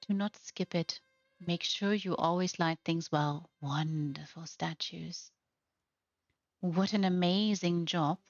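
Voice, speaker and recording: A woman's voice: fairly low pitch, steady tone, slow, dry recording. A woman hosting a game housing showcase, talking over a gameplay tour in a gushing, affectionate, admiring way. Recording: slightly muffled, faint music behind.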